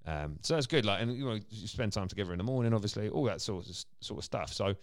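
A quick-talking man with a low voice that swings lively up and down as he chats with his podcast co-host. He laughs easily and keeps things animated. The sound is dry and close. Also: no echo. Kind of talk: casual chat.

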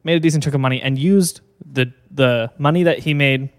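A man's voice: medium pitch, fairly quick, clean tone, in a large hall. A man co-hosting a podcast, telling a business story in a loose, rambling way with fillers. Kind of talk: casual chat.

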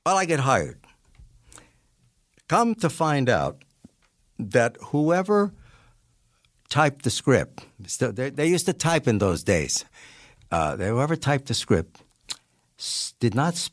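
A man's voice: mid-range voice, no echo, clean studio sound. A man in his eighties, a character actor telling showbiz anecdotes in an interview, acting out the voices as he goes. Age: 80s. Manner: animated storyteller who acts out voices and laughs often.

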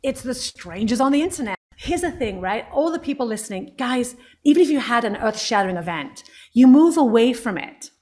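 A woman's voice: fairly high pitch, lively intonation, brisk, mellow. A middle-aged woman, an author and speaker, talking passionately and encouragingly as an interview guest. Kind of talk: interview guest, motivational talk.

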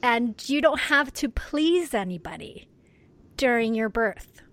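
A woman's voice: on the high side, lively intonation, measured pace, fairly bright tone. A woman who works at births, telling a story about a mother in casual chat. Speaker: birth worker.

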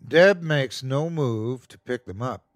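A male host narrates a horror tale in first person, unhurried and tense. His voice is mid-pitched, recorded close and dry with no room echo. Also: animated. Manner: slow, tense storytelling.

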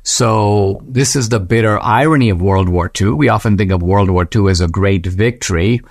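A man hosting a commentary podcast, speaking in a measured, reflective way, with slow emphatic phrases and quotes read aloud. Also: dry recording, clean studio sound. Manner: mimics a Western voice when reading quotes, rising high. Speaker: podcast host. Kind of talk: commentary reading quoted passages.

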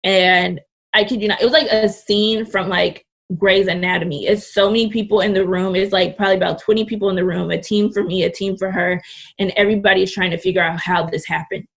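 A woman's voice: mid-range voice, fairly even intonation, brisk, vocal fry. A young woman in her twenties, a podcast guest, telling a story in casual, candid, blunt talk and swearing freely. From California Bay Area.

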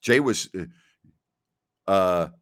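A man's voice: deep voice, lively intonation, drawn-out words, a bit bright, dry recording, clean studio sound. A man hosting a podcast, casually answering listener questions and telling rambling stories, often repeating himself and laughing. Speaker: podcast host.

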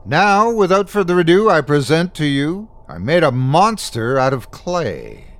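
A male podcast host reads a scripted introduction with playful, theatrical flair. His pitch is a little high and swings widely. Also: very animated, a little slow.

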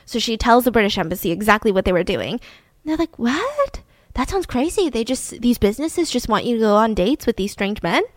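A woman's voice: a little high, lively intonation, brisk, no echo. A woman casually retelling a true-crime story, chatty and full of "like", acting out the quotes. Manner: chatty, peppered with "like", acts out quotes.

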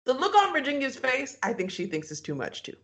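A woman's voice: sits high, wildly swooping pitch, a little fast. A woman co-hosting a podcast, recapping a reality show in casual chat and laughing often as she acts out quotes.

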